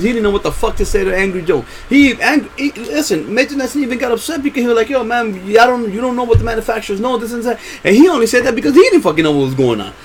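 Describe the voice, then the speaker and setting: Man, high voice, passionate gaming rant, heavy swearing, stammering repeats, faint background ambience. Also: a little hiss or hum. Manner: profane, passionate, many repeated words and fillers. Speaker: gaming vlogger. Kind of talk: unscripted rant to camera.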